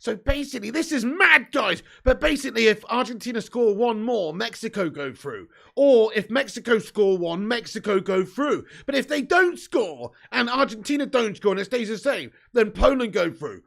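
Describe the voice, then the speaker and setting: A high, gravelly man hosts a live football watch-along stream from home. He banters with viewers in a loud, excitable way, swearing and laughing often. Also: moderate pace, hardly any pauses.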